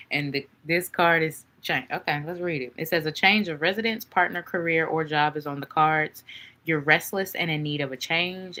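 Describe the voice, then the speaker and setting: A woman's voice: low voice, pushed and bright. A woman reading tarot cards for viewers in a chatty, playful way, laughing often and calling viewers honey and baby. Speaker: tarot reader.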